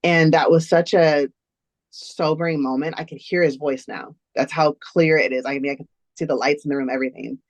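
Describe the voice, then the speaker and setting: A woman's voice: sits low, fairly even intonation, fairly quick, no echo. Woman telling a personal story, dry sound. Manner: earnest, recounting events step by step. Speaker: interview guest.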